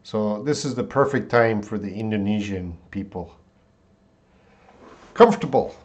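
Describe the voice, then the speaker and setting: A man teaching English pronunciation on a live stream, repeating words slowly syllable by syllable and greeting viewers by name. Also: fairly low pitch. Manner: drawn-out word repetition, reading viewer names.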